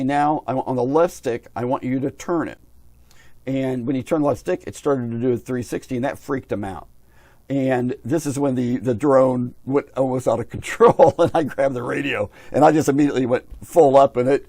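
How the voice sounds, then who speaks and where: A man's voice: medium pitch, normal speed, warm tone, no echo. Rambling man telling a hobby story. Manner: rambling, repeats himself, quotes others in his own voice. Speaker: RC aviation vlogger. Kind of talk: casual storytelling monologue.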